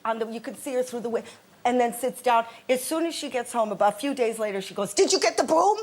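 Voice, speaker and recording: A woman guest on a comic panel show, telling funny family stories in an animated, husky voice. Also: a little high, quick pace. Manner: animated storyteller.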